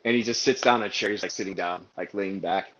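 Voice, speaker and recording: A man from Guam, a singer and guest, telling a story in animated, rambling fashion on a video call. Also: deep voice, fast talker, highs cut off. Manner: animated, rambling, full of restarts and quoted dialogue. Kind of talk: casual storytelling.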